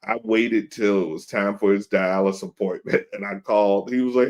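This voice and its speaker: A man with a fairly low voice tells a story on a podcast. He is casual and animated, and he acts out the other people in the story with put-on voices. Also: normal speed, hardly any pauses. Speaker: podcast host.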